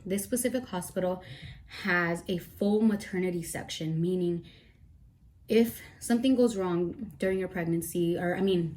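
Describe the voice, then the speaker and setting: A young woman tells a personal story to her camera, her voice a little low for a woman. She rambles and circles back, teary and emotional, yet keeps talking to her viewers. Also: darkish tone. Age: young adult. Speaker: vlogger. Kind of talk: storytime vlog.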